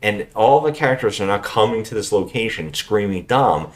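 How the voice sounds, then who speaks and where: A man co-hosting a podcast, recapping a bad movie in casual chat, animated and swearing freely. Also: fairly low pitch, normal speed. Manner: animated, swearing, acts out scenes in loud put-on voices. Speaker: podcast co-host.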